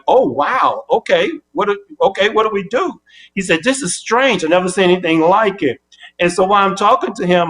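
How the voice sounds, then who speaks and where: An older man as the interview guest, telling an animated story and acting out both sides of his phone calls. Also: high voice.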